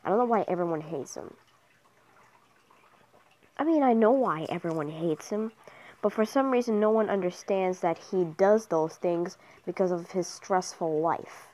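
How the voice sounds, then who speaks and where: A woman's voice: lowish voice, normal speed, a little mellow. A young woman commentating her mobile game casually, cheering and trash-talking other players. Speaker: gamer commentator.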